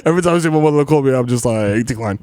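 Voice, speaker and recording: A man co-hosting a casual comedy podcast, laughing often and making animated sound effects. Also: on the high side, racing, clear, resonant tone, no room sound. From the Bronx, New York. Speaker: podcast co-host.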